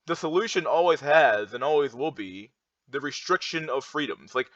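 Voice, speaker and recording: A young man rants heatedly while reacting to charts, rambling and repeating himself with lots of fillers and restarts. His voice is slightly high and a bit bright, with lively intonation and a normal speed. The recording is dull, lo-fi and dry, with no echo.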